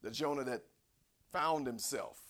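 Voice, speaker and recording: A man preaching a sermon in a folksy, conversational way, swinging between low asides and shouted cries. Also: a little slow. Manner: folksy, conversational, acts out voices. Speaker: pastor.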